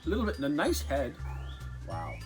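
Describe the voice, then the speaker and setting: A man's voice: fairly high pitch, wildly swooping pitch, a little fast, over music, poor audio. A man co-hosting a casual beer-tasting chat, playful and jokey, explaining with many restarts. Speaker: co-host.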